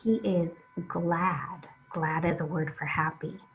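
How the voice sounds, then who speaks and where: A woman teaching an early reading lesson, reading aloud slowly and patiently for young children to follow along. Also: fairly low pitch, steady tone, phone-quality sound, faint music behind.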